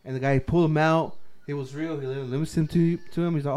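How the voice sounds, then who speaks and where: A man co-hosting a podcast, telling a story quietly in casual chat. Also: fairly high pitch, steady tone, fast. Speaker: podcast co-host.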